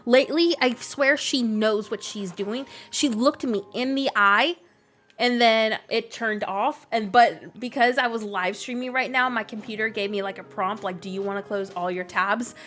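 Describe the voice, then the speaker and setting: A woman's voice: a little high, moderate pace, fairly bright tone. A woman live streaming a game, chatting casually, rambling and laughing often as she jokingly complains about her pets. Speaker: gaming streamer.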